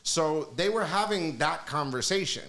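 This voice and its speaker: A man on a podcast telling casual stories in an animated, profane way, acting out the voices of people he quotes. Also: fairly high pitch, normal speed. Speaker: podcast guest. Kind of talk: casual storytelling.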